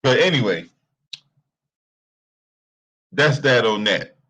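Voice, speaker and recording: Husky man mocking in sports commentary. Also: mid-range voice, animated, takes it slowly, bright, forceful tone. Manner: laughing, profane, mocking. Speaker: sports commentary channel host.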